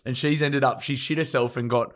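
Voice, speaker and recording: A man's voice: mid-range voice, fairly even intonation, brisk. A man in his twenties with an Australian accent, co-hosting a casual podcast chat, crude and joking with lots of swearing. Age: 20s. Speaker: podcast co-host.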